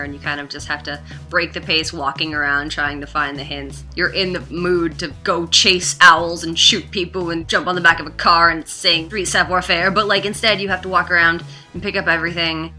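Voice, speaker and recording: A woman's voice: sits low, pushed and bright. A young woman casually reviewing a game, chatty and blunt, filling her talk with "like" and "you know" and the odd swear. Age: young adult.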